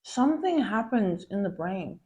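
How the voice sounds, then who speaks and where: A woman's voice: medium pitch, very animated, unhurried, dark tone, muffled recording. A woman content creator venting in a POV girlfriend role-play, swearing often and calling the listener babe. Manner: profane, ranting, calls the listener babe.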